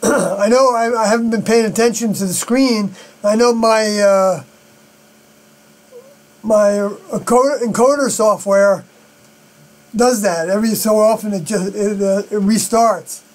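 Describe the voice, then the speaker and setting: Man, high voice, rambling solo live-stream talk, halting with fillers, mains hum under it. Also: darkish tone, rough recording. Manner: halting, many fillers and unfinished sentences.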